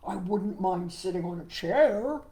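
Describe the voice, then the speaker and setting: A woman's voice: mid-range voice, expressive, unhurried, warm tone, pitched below the performer's own voice, natural voice. A woman voicing a reluctant little male frog who complains plaintively in a children's storybook reading. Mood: complaining.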